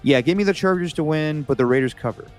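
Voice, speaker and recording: Relaxed man reading football picks. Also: a little high, quick pace, faint music behind. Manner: relaxed, reads matchups then riffs on picks. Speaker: co-host reading out games and picks. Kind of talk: casual sports picks chat. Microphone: video call.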